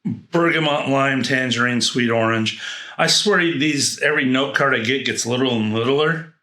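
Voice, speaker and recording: A man's voice: mid-range voice, normal speed, bright, forceful tone, echoey room. A man reviewing fragrances in a casual unboxing, rambling and thinking aloud with frequent restarts.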